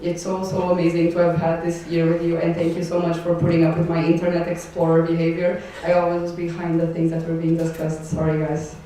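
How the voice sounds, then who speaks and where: Speaking quickly with few pauses, this young Portuguese woman keeps a completely flat delivery in a warm, fairly low voice. She's an outgoing board member, a native Portuguese speaker, giving a rambling, emotional goodbye and laughing between thanks. The recording is echoey and faintly noisy, from a mic far away in a large event hall.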